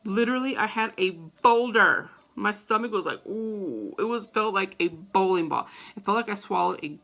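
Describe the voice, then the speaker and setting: A middle-aged woman vlogger telling a story to camera in a casual, animated, profane way, with a gravelly voice. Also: medium pitch, normal speed.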